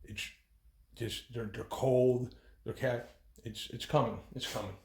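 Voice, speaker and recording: A man's voice: medium pitch, fairly even intonation, measured pace, gravelly, darkish tone, reverberant, a little hiss or hum. A man giving an agitated, profane, rambling account as a bereaved son, with many restarts. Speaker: bereaved son telling his story. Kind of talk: heated first-person account.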